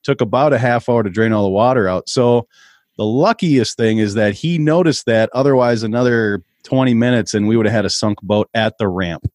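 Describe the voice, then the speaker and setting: A man's voice: lowish voice, brisk, a little mellow, no room sound, clean studio sound. A man from Minnesota, a guest on a podcast, chatting casually and telling stories in an easygoing way. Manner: easygoing storyteller.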